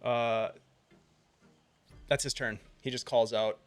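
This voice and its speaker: A man's voice: mid-range voice, steady tone, slow pace, faint music behind. Man running a tabletop game. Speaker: game master.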